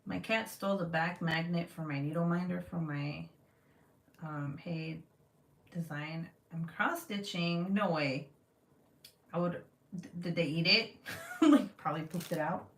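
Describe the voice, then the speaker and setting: A woman's voice: lowish voice, measured pace, vocal fry, pauses often, echoey room. A woman in her thirties chatting casually with her live viewers, profane and laughing often. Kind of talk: casual live-stream chat while crafting.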